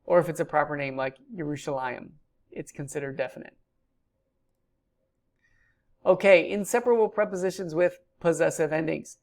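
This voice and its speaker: A woman's voice: low voice, moderate pace, long pauses, a little mellow. A woman giving a recorded grammar lecture, explaining patiently with frequent ums. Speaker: Hebrew teacher.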